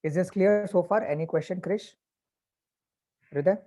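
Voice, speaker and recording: A man explaining a story to a class as their teacher, patiently and with pauses. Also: sits high, creaky, warm tone. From India.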